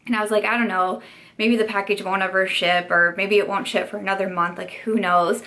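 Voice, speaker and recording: A woman's voice: mid-range voice, fairly even intonation, a little fast, pushed and bright. A young woman beauty YouTuber telling a chatty story-time vlog, full of "like" and "you know" fillers.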